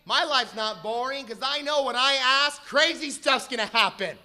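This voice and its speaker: A man preaching a sermon to a congregation, moving from quiet explanation to shouted exhortation. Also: very high-pitched, moderate pace.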